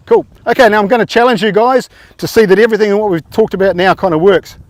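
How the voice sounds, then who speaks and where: Guy running tackle drills on a training field, kinda high voice, dry sound, keeps asking the boys how it felt. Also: fast, no echo. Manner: encouraging, asks players questions, informal. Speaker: rugby coach. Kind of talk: coaching players through tackle drills.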